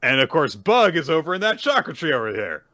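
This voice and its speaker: A man's voice: fairly high pitch, big pitch swings, a little fast, pushed and bright, no room sound, studio quality. A man co-hosting a casual podcast, animatedly retelling chapters and acting out the characters' lines. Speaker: podcast co-host recapping manga. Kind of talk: casual chat.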